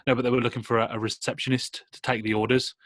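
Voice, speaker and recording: A young man in his twenties with a bright, forceful voice and a mid-range pitch, co-hosting a casual chat podcast. He tells his stories in a lively, animated way. The sound is dry and close. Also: fast talker, no echo. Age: 20s. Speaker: podcast co-host.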